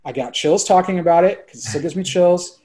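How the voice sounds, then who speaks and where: A man around forty, a filmmaker guest chatting on a podcast, excitable and rambling, full of "like" and casual swearing. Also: sits high, fairly quick.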